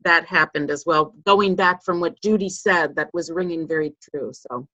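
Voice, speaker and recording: Bright, enthusiastic woman hosting a call. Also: lowish voice, moderate pace, muffled recording. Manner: enthusiastic, encouraging. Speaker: host of a team video call. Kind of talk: upbeat group video call. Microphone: video call.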